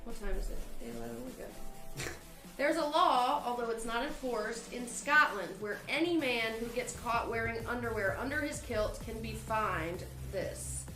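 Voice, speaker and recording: A fairly high-voiced woman hosts a casual trivia livestream, reading out questions and scores and giggling between them. Her voice carries a roomy echo with faint music underneath. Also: a little slow. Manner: giggly, laughs often while reading questions. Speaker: trivia host.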